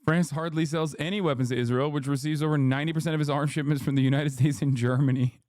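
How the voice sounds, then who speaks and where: Man, live-stream commentary, mocking, profane, higher voice, dry close mic. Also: fairly even intonation, quick pace, darkish tone, no echo.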